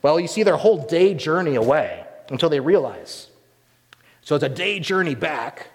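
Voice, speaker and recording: A man preaching a sermon as pastor, animated and acting out the voices he quotes. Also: a little high, moderate pace, long reverb tail.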